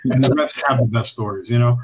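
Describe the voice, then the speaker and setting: This fast-talking man has a mid-range voice and appears as a guest on a podcast, where he chats casually, tells meandering stories, curses, and chuckles. The audio is lo-fi and slightly muffled.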